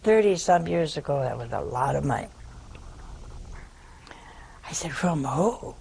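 A woman's voice: low-pitched, lively intonation, measured pace, gravelly, warm tone, slight background noise. An older woman, a nun, telling a humorous folksy story to an audience. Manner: humorous, folksy anecdote with laughs. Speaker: nun giving a talk.

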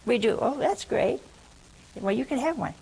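A woman's voice: a little high, lively intonation, normal speed, vocal fry, a little mellow, slight background noise, rough recording. A woman preaching a humorous teaching sermon, teasing and chatty as she talks straight to her listeners.

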